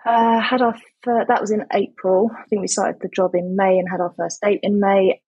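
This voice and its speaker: A woman's voice: medium pitch, flat delivery, normal speed, dark tone, husky, dry recording, muffled recording. A woman in her thirties with an English accent, telling a story in a chatty, self-mocking way as a podcast guest. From England. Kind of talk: casual interview chat.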